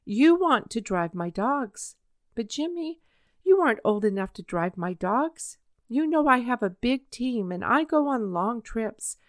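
A woman reading the part of a patient, kindly male country doctor in a storybook, speaking gently and reasonably, with light teasing. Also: a little high, very animated, measured pace, no echo, studio quality. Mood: gentle.

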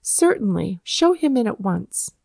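A woman's voice: mid-range voice, very animated, a little slow, vocal fry, darkish tone, dry recording, studio quality, exaggerated voice. A woman reading the lines of an earnest, dignified army general, raising her voice to insist. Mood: insistent.

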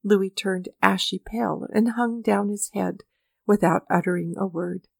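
A woman reading a story aloud as narrator, with measured, mournful storytelling. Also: medium pitch, fairly even intonation, vocal fry, breathy edge, no room sound, studio quality. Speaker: audiobook narrator. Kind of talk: scripted narration.

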